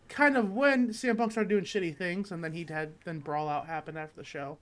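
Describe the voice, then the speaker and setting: A man's voice: a little high, fairly quick, few pauses, fairly bright tone, smooth. Tired young man rambling profanely. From Michigan. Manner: rambling, profane storytelling full of restarts. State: tired, voice not yet warmed up. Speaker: podcast co-host. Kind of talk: casual comedic chat.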